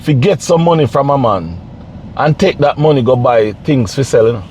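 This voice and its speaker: A man's voice: medium pitch, lively intonation, normal speed, a little mellow, a little hiss or hum. A man giving casual, pleading commentary to camera, repeating himself and preaching. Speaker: vlogger.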